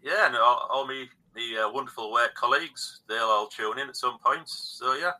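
A man's voice: mid-range voice, normal speed, pushed and bright. A man with an English accent, a singer-songwriter guest on a podcast, speaking in a modest, good-humoured, understated way. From England. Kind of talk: casual interview chat.

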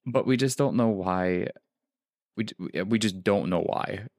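A man with a low, deep voice hosts a casual movie review chat. He stops and restarts often, filling the gaps with ums and uhs. His voice sounds dry and close to the mic. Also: darkish tone, dry recording. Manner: halting, many restarts and fillers. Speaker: podcast co-host.

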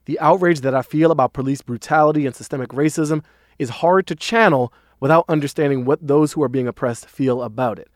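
A man hosting a podcast, joking in casual chat and reading listener email in a measured way. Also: mid-range voice, no room sound, clean studio sound. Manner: joking, quick asides, measured when reading. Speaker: podcast host.

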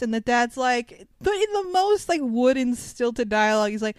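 A woman hosting a casual movie-review podcast, animated and swearing, full of fillers. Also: fairly high pitch, normal speed, few pauses, no room sound. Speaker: podcast host.

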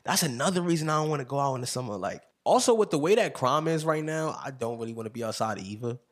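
Husky young man with lively, laughing chat. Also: medium pitch, quick pace. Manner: laughs often, animated storytelling. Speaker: podcast host. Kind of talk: casual chat.

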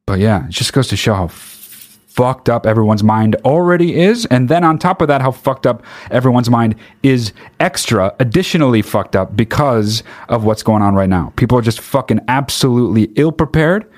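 A man ranting with sarcasm and heavy swearing, mocking others in high put-on voices. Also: expressive, normal speed. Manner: angry, sarcastic, swears a lot. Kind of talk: profane ranting monologue.

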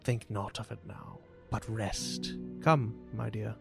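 A man voicing a kindly, weathered old butler who speaks with gentle, formal courtesy over background music. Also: fairly low pitch, fairly even intonation, takes it slowly, creaky.

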